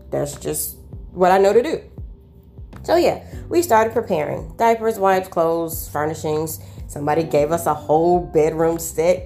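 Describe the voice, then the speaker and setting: A woman tells her faith testimony in a lowish voice, lively and preachy, tossing amens and asides to her listeners. Faint music sits quietly beneath her. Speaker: podcaster sharing a personal testimony.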